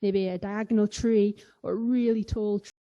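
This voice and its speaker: The audio is dull as a woman with a mid-range, dark voice guides children through playful yoga at normal speed and in a steady tone. She's a kids yoga teacher who sometimes makes animal sounds.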